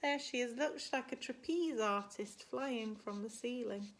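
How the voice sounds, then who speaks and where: A woman teacher reading a picture book aloud, slow and expressive, building up the counting. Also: fairly high pitch.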